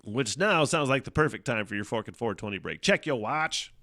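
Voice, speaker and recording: A man's voice: mid-range voice, lively intonation, fairly quick, pushed and bright. A man hosting a podcast alone, telling a rambling, swear-heavy story and laughing often as he goes. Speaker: podcast host. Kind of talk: casual solo storytelling.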